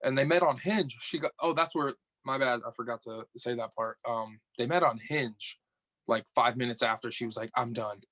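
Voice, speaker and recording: A young man from upstate New York, a podcast guest telling a dating story in casual chat, animated and swearing, acting out the dialogue. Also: mid-range voice, normal speed, dry recording.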